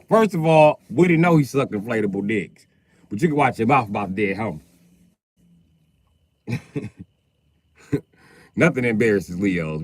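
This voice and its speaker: Brief: male stand-up type, AAVE, lively swooping pitch, dry close sound, profane rant. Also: breathy edge, no room sound. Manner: profane, animated, acts out characters with shouted voices. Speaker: comedian livestreaming. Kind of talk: comedic rant.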